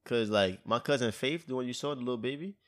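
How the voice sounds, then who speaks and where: A man's voice: medium pitch, fast. A man in casual chat, joking and reacting with lots of slang. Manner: animated, joking, profane slang.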